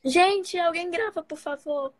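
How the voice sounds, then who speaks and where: A woman's voice: very high-pitched, moderate pace, a loud crowd. A woman, a shy and awestruck fan on a video call. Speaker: fan caller.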